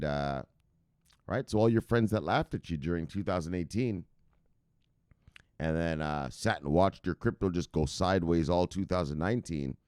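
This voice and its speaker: Deep-voiced man ranting loudly. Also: no room sound, clean studio sound. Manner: profane, shouts "bang" at viewers' names, laughs often. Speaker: crypto news host. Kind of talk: casual livestream rant. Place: at home.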